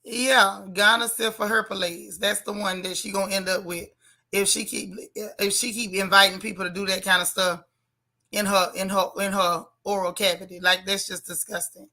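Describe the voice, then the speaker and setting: A woman's voice: mid-range voice, little pitch movement, moderate pace, pushed and bright. A woman hosting a casual live chat, blunt and sassy, reading viewer comments aloud. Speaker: livestream host.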